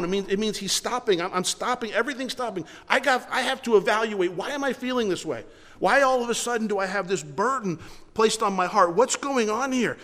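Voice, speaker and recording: A male pastor preaching a sermon, emphatic and repeating his words, slowing down to read scripture. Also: high-pitched, fairly bright tone. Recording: long hall reverb.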